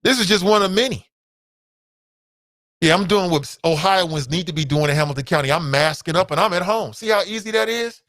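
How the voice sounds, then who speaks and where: A man hosting a talk show with an American Midwest accent, giving casual commentary, animated and laughing, swinging from loud outbursts to low asides. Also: fairly quick, dry recording, studio quality.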